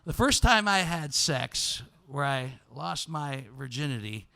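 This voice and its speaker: Brash, gravelly-voiced male comedy host. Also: expressive, unhurried. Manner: brash, swings from loud shouting to low hushed asides. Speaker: podcast host. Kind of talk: live comedy storytelling. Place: live stage before an audience.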